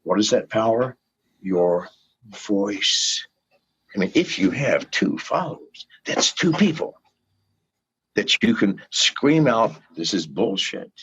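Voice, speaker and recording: A man's voice: lowish voice, lively intonation, slow pace, pauses often, a bit bright, slightly rough. An older man, a guest in an interview, ranting with fiery, profane pleas to his listeners in a dull lo-fi recording. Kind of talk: impassioned rant in an interview.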